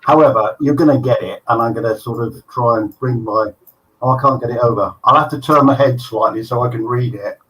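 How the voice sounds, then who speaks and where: A man co-hosting a live show, telling a long corny joke in an animated, self-mocking way. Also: mid-range voice, fairly quick. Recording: distant mic, faint noise.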